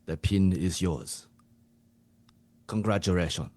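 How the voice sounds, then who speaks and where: A man's voice: sits low, slow pace, a little mellow, no room sound. A man voicing a stern old male sensei coach with grandiose, clipped, mock-formal speech. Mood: ceremonial.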